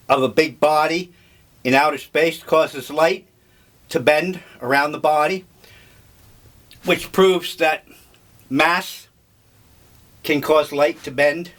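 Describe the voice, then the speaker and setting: An older man talking over breakfast in a slow, musing, rambling monologue. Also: on the high side, fairly bright tone. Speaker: vlogger.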